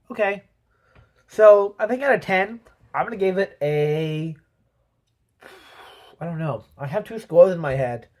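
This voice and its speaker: A man with a high-sitting, darkish voice gives a casual movie review, rambling with plenty of "um" and "you know." As he talks, he acts out sound effects and voices quotes.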